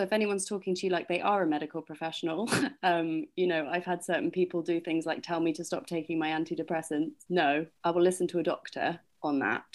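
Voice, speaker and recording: A young woman co-hosting a podcast, chatting casually and encouragingly. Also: sits low. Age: young adult. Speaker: podcast co-host.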